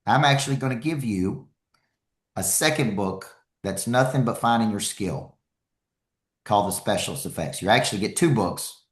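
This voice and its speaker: A man giving an energetic, emphatic live motivational talk as a speaker and coach, repeating key lines for effect. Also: fairly low pitch, normal speed, reverberant.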